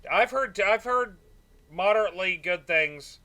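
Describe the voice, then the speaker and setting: A man's voice: high voice, expressive, measured pace, bright, forceful tone. A young man streaming a space game, chatting casually with his viewers and often trailing off into "uh" and "um". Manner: chatty, answers chat, trails off with fillers. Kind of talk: casual gaming stream chat.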